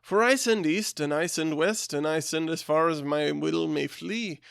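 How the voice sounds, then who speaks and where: Man playing a proud storybook harper, put-on scottish lilt, a touch high and gravelly. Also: a little slow, fairly bright tone, no echo, clean studio sound. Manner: rhythmic, declaiming verse. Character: proud fairy-touched male harper-knight, defiant.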